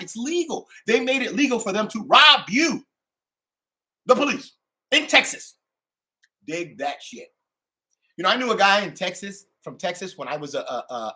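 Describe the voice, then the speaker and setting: Ranting to his channel, a middle-aged host lets loose a profane monologue that lurches from loud outbursts to quiet mutters.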